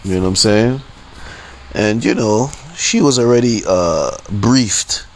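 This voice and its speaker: A man's voice: on the low side, slow pace, a little hiss or hum, poor audio. A man telling a frustrating story in a heated, profane, repetitive rant on his podcast. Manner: heated, profane, repeats himself a lot. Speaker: podcast host.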